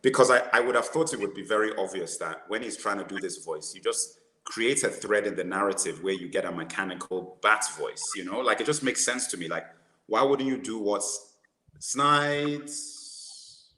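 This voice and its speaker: Animated man in an echoey room. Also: lowish voice, moderate pace. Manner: animated, laughs at his own jokes, restarts sentences. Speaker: podcast co-host. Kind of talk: casual movie discussion.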